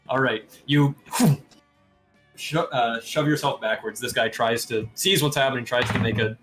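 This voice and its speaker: A man in a mid register narrating a tabletop adventure as game master. He laughs often and chats loosely with his player over soft background music. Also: mid-range voice, measured pace.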